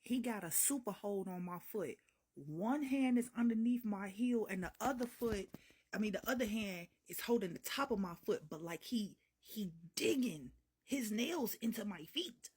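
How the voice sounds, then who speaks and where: A woman's voice: medium pitch, animated, moderate pace, darkish tone, breathy edge. A woman telling a wild story in a casual, profane, dramatic way. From Chicago.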